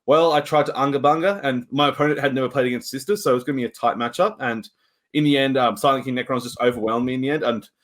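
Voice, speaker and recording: A man's voice: medium pitch, fairly even intonation, quick pace. A man, co-hosting a podcast and recapping his games in casual, rambling chat with shrugging asides. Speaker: podcast co-host.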